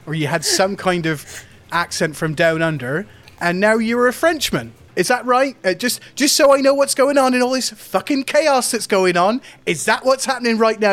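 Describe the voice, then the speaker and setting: A man's voice: high-pitched, fairly bright tone. A man playing a tabletop game, teasing and sweary. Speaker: player. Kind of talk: casual tabletop play.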